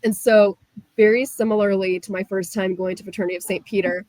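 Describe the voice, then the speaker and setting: A young woman from the US Midwest telling her story as a guest, animated and full of "like" fillers. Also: medium pitch, brisk, dry recording, poor audio. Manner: animated, frequent "like" fillers, laughs while telling. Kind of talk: casual storytelling.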